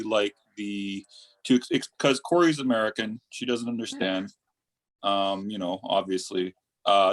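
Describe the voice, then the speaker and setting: A male co-host asking casual interview questions, rambling and restarting his sentences. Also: on the low side. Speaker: podcast co-host.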